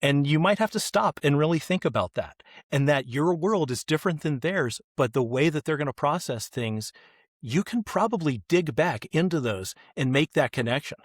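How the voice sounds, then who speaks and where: A middle-aged man on a podcast, telling stories in an animated way and acting out the voices of the people in them. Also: a little high, dry recording, clean studio sound. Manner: animated, acts out quoted voices. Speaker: kids ministry guest. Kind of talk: podcast interview storytelling.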